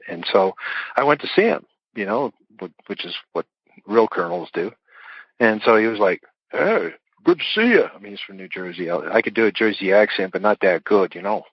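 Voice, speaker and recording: A middle-aged man with a lowish voice talks through his stories in a relaxed, rambling way, dotted with fillers and soft chuckles. The audio is dull, dry and lo-fi. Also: breathy edge, no echo. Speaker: author and interview guest. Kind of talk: casual interview conversation.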